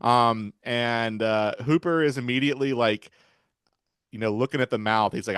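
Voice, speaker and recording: A man's voice: mid-range voice, normal speed, a bit bright, no echo, studio quality. A man in casual podcast chat about a film, retelling scenes and acting out the characters' lines. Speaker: podcast guest.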